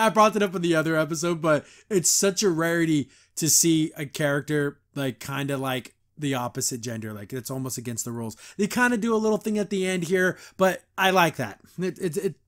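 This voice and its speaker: A man's voice: on the high side, expressive. A young man hosting a podcast, reviewing a cartoon episode in casual, chatty commentary and mimicking the characters as he goes. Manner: chatty, quotes characters in quick voices, frequent laughs.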